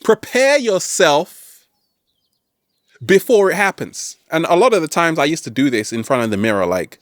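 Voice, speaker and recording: A man hosting a self-help video, giving an animated, playful motivational talk to camera. He keeps asking "right?" and throws in jokey catchphrase asides. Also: fairly high pitch, moderate pace, dry recording, studio quality.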